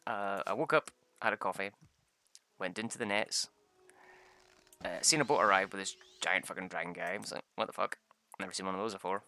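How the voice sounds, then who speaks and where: A man's voice: sits low, fairly quick, pushed and bright, dry recording. A young man, rambling through tabletop game stories, swearing and laughing often. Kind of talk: casual chat.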